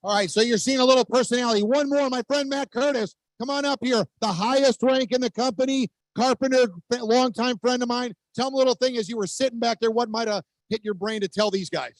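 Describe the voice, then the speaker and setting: A man hosting a live meeting, quickly introducing the next speaker in a friendly way. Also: extremely high pitch, no room sound, low-quality recording. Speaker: event host.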